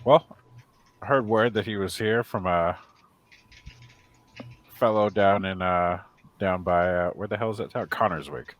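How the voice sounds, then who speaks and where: Deep-voiced male tabletop player. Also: unhurried, long pauses. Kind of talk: in-character tabletop play.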